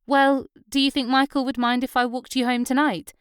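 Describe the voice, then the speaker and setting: A woman voicing Susan, a bold, chatty young local woman who talks in a brash, lively way. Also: high voice, normal speed, smooth, dry recording, studio quality, pitched above the performer's own voice, natural voice.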